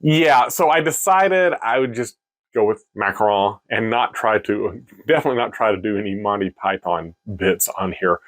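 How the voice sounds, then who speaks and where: Lively, self-mocking male beer reviewer. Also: fairly low pitch, normal speed. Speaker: beer reviewer, video host. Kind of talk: casual tasting review.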